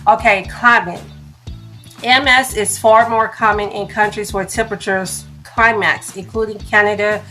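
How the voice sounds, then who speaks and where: A woman's voice: mid-range voice, steady tone, unhurried, bright, forceful tone, faint music behind. A woman talking casually on a phone livestream, stopping and restarting as she stumbles over words. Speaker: livestream host. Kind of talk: casual live talk.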